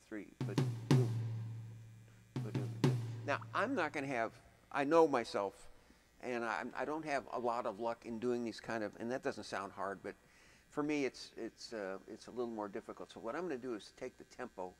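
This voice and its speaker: A man's voice: lowish voice, poor audio. A man teaching music production in a casual, thinking-aloud way, humming out drum rhythms as he goes. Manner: thinks aloud, chatty, vocalizes drum patterns.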